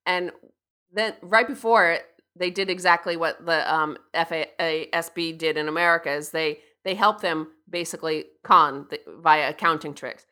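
A woman with a low, pushed, bright voice and fairly even intonation speaks at a moderate pace. Co-hosting a talk radio show from a radio studio, she offers casual commentary, making earnest, insistent points, repeating herself and restarting often.

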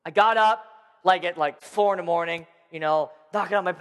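A man in his thirties telling a personal story to a live audience in a playful, animated way, asking the crowd questions as he goes. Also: high voice, a little fast. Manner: playful, addresses the crowd directly. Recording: long hall reverb.

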